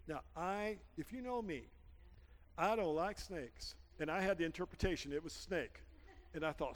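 A man preaching a sermon as pastor, telling a story and rising to shouted peaks. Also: on the high side, normal speed. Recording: church hall reverb.

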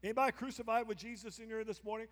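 High-voiced preacher in a reverberant hall. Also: male voice, fairly even intonation, racing, fairly bright tone. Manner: emphatic preaching with repeated call-and-response prompts. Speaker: pastor. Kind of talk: sermon. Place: church sanctuary.

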